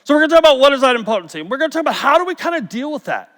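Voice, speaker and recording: Animated joking man in a reverberant hall. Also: extremely high pitch, rapid-fire. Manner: storytelling, jokey, animated. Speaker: conference speaker. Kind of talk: conference talk.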